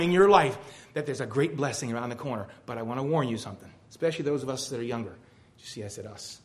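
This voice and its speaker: A man's voice: medium pitch, lively intonation, fast talker. A middle-aged man preaching a sermon, reading a poem aloud with rising, emphatic delivery. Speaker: pastor.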